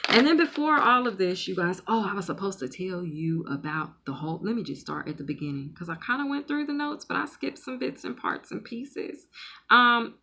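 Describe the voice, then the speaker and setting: A woman who works as a spiritual medium and tarot reader gives a reading in casual, rambling talk, repeating words and often checking in with "okay?". She is emphatic and stretches key words, her voice medium-pitched against a noisy background.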